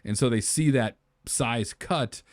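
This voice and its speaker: A man's voice: mid-range voice, slow, no room sound, clean studio sound. A man co-hosting a podcast, brainstorming a movie plot in casual chat and acting out the characters' lines as he goes. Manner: animated storyteller, acts out characters' lines. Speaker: podcast co-host.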